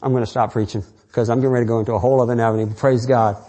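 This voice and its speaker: Man, pastor, church sermon, warm mellow tone, earnest, rambling, many restarts. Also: medium pitch, fairly even intonation, racing.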